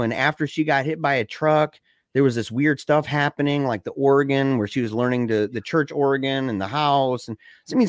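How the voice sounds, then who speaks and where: A young man telling a scary story in a casual way, excited and slangy, saying dude and man a lot. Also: a little high, dry recording, studio quality.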